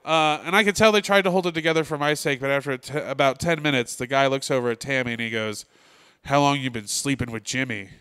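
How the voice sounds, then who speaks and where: A male comedian doing a stand-up set in a comedy club, telling deadpan stories and quoting the people in them. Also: fairly high pitch, fast, few pauses, smooth.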